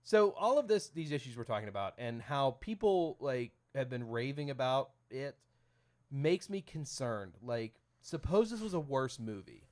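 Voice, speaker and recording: A man's voice: medium pitch, very animated, moderate pace, darkish tone. A young man co-hosting a casual podcast, rambling and correcting himself as he talks. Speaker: podcast co-host. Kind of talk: casual chat.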